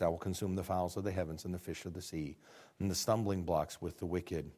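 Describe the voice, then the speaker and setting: A man with a Midwestern American accent preaching a sermon. He reads scripture aloud, explains it, and swings from low asides to loud, high-pitched peaks. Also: fairly even intonation, brisk. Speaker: pastor.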